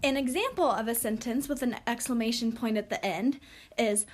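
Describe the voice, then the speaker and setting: A woman teaching a recorded lesson, speaking slowly and clearly for young children. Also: on the high side.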